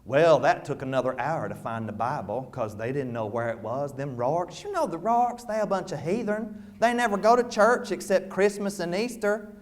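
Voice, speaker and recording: A male storyteller spins a folk tale in a fairly high, bright voice. His delivery is animated and folksy, and his pitch rises and falls widely as he talks to his listeners. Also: normal speed, hardly any pauses.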